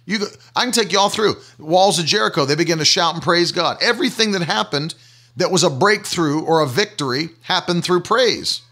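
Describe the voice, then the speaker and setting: A man's voice: high voice, a little fast, bright, forceful tone. A man preaching a sermon emphatically, repeating key phrases to drive them home.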